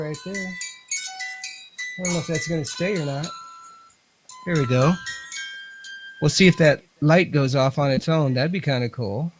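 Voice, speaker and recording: Chatty man, fairly high voice. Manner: talks to spirits and equipment, chatty. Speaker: guest, ghost hunter. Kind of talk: casual radio show chat.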